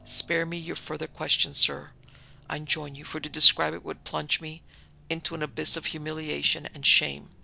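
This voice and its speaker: A woman's voice: deep voice, little pitch movement, moderate pace, creaky, bright, forceful tone, heavily acted. A man reading the part of an anguished noblewoman who pleads formally and tragically with her old love. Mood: pleading.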